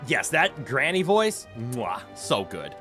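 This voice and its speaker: A man's voice: medium pitch, very animated, takes it slowly, sharp tone, soft background music. A man streaming a video game, chatting playfully with his viewers and laughing often. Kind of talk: casual gameplay commentary.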